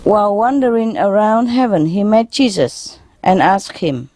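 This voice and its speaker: A woman's voice: warm tone, dry recording. A woman, a spiritual teacher, telling jokes to an audience, raising her voice for the characters she quotes. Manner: slow, unhurried joke-telling that shifts into higher quoted voices. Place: lecture hall gathering.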